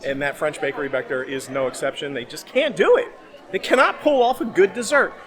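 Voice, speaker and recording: A man's voice: on the high side, brisk, a crowd in the background. A man hosting a casual theme park food vlog, chatty and laughing often as he talks. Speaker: vlog host. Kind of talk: casual food review chat.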